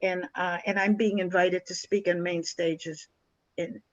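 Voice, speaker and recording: An older woman, a guest on an interview show, telling a story in a lively, animated way and acting out the people in it. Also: fairly low pitch, a little slow, no echo, dull audio. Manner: animated storyteller who acts out quoted dialogue.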